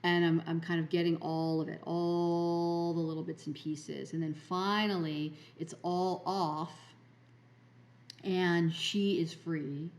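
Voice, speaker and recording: A woman's voice: lowish voice, steady tone, slow pace, darkish tone. A woman hosting a podcast, telling a spiritual story in a rambling way, full of fillers and restarts. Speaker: podcast host.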